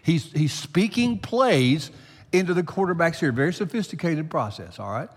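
A man preaching a sermon to his congregation, climbing loud for emphasis and then dropping low. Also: expressive, moderate pace. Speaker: pastor. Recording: long hall reverb.

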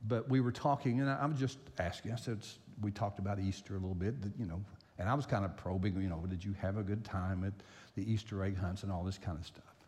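A man's voice: deep voice, quick pace, a little mellow. An older man, a pastor, preaching a sermon and telling a personal story, repeating phrases for emphasis. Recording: long hall reverb.

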